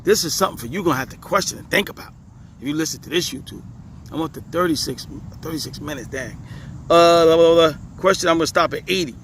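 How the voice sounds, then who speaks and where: A man's voice: fairly high pitch, quick pace, fairly bright tone, slight background noise. A man teaching scripture in a casual video, repeating his points with emphasis and chuckling often. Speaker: religious teacher.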